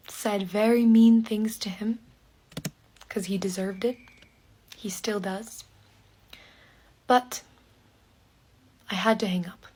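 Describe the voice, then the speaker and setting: A woman telling a personal story very slowly in short, separate phrases, often dropping to a breathy half-whisper. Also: medium pitch, darkish tone. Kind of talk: slow personal storytelling for learners.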